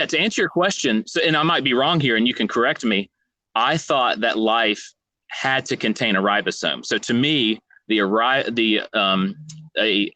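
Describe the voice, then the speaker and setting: A man's voice: fairly low pitch, bright, forceful tone, no room sound. A man talking as a guest on an online debate call, earnest and a little hesitant, often repeating words. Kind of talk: casual online debate chat. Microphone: video call.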